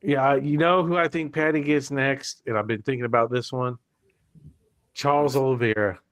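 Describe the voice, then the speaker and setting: A man with a medium-pitched voice chats on a podcast panel. He hesitates and restarts, leaning on fillers, and the close mic gives a dry, roomless sound. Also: steady tone, moderate pace, fairly bright tone, no room sound. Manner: hesitant, many "you know" fillers. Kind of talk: casual sports chat.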